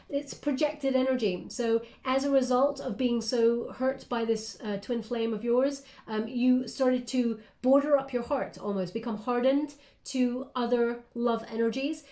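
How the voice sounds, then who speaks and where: A woman's voice: on the high side, warm tone. A woman giving a spiritual guided reading straight to the listener, soothing and reassuring, talking in loose phrases with frequent fillers. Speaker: psychic reader. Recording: roomy echo.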